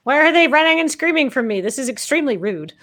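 A woman's voice: high-pitched, animated, fast, fairly bright tone. A woman voicing a hungry female shark who acts mock-offended in a playful way. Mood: indignant.

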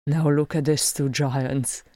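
Old dwarf dad, gruff and wheezy but soft, as a woman reads him, low and slow. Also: little pitch movement, dry recording, studio quality. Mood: tender. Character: gruff old male dwarf warrior, tender father.

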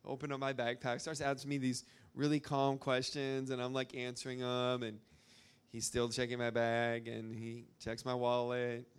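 A young man from Arkansas, USA, addresses a church gathering informally, rambling through a story with frequent fillers. His medium-pitched voice has a clean tone.

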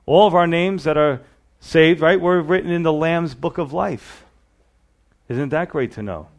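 A man's voice: fairly high pitch, measured pace, creaky. A man preaching a sermon in an earnest, conversational way, often asking the listeners questions.

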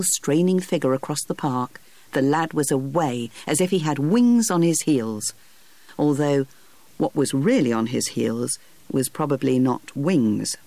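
A narrator reading a storybook aloud in a lively, expressive way. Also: medium pitch, no room sound.

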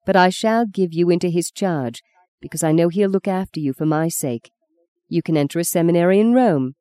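A woman voicing a bitter, sharp-tongued middle-aged mother, speaking tartly and vehemently in an audiobook. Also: on the low side, fairly quick, natural voice. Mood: brisk. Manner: tart, vehement. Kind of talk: audiobook character reading.

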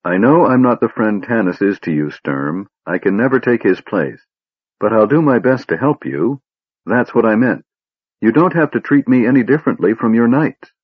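A man voicing a young woman, speaking softly and earnestly to a friend. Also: on the low side, animated, normal speed, breathy edge, dry recording, narrow, tinny audio. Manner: soft, earnest pleading.

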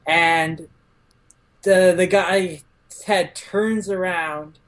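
A woman guest on a podcast recapping a manga chapter in casual chat, using lots of "like" fillers and acting out the characters' lines in quick, raised voices. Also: fairly low pitch, fairly even intonation.

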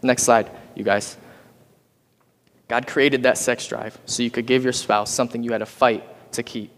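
A man's voice: mid-range voice, level tone, moderate pace. A man giving a youth sermon, urging the audience to respond and repeat after him. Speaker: youth pastor. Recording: long hall reverb.

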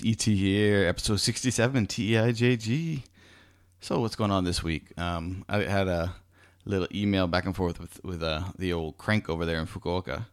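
An American man hosting his own podcast, chatting in an easygoing, rambling way with plenty of fillers and restarts. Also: sits low. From United States. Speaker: podcast host. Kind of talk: casual solo podcast chat.

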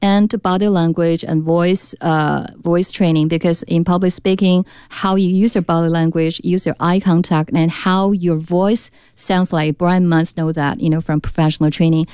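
A woman's voice: lowish voice, steady tone, moderate pace, few pauses, mellow, smooth, no echo. A woman guest on a radio talk show, explaining her speech training company's courses with frequent fillers and restarts.

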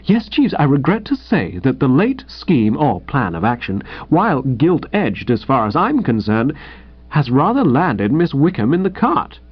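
Man playing a nervy young toff, squeaky and agitated; muffled audio. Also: huge pitch swings, unhurried, husky, exaggerated voice. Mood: flustered. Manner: high-pitched and agitated. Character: excitable, flustered young gentleman. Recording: dull lo-fi audio.

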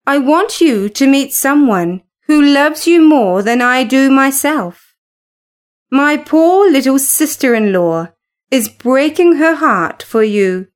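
A woman's voice: high-pitched, lively intonation, slow. A woman reading aloud as a proud young woman who scolds and teases with a knowing edge. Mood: teasing. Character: proud young woman, sharp-tongued friend.

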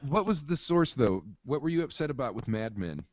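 A man's voice: medium pitch, very animated, fairly quick. A male interviewer asking wry, teasing questions in a casual chat. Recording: dull lo-fi audio.

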